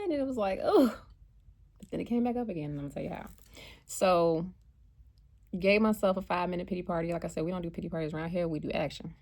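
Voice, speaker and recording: A chatty American woman tells a story from her travels, her voice low and gravelly. She talks casually and animatedly, slipping into the voices of the people she met. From United States. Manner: chatty, animated, acts out quotes. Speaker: vlogger and spiritual card reader.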